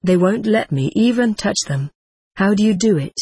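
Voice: mid-range voice, animated, moderate pace, warm tone, breathy edge, no room sound, studio quality. A reader voicing a small, hungry boy novice who pipes up wistfully with homely speech.

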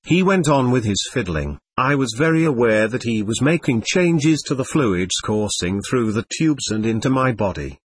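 Man narrating a story, husky voice. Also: medium pitch, animated. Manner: measured storytelling, voicing dialogue in quotes. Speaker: audiobook narrator. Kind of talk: scripted narration.

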